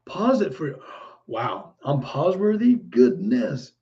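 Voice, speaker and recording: Slow-paced but full of big pitch swings, a man with a fairly high voice casually chats with his livestream viewers about their comments. He often laughs and exclaims in delight, and the sound is muffled and lo-fi.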